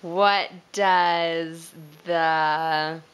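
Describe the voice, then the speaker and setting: Slow, coaxing mother quizzing a toddler. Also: low-pitched, steady tone, fairly bright tone, clear, resonant tone. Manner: slow, encouraging, praising with frequent laughs. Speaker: parent. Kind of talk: coaxing a toddler through animal sounds and baby signs.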